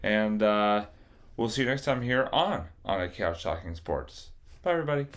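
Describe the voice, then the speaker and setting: Low-voiced man wrapping up a podcast. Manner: brisk, relaxed, routine wrap-up. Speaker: podcast host. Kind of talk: casual show sign-off.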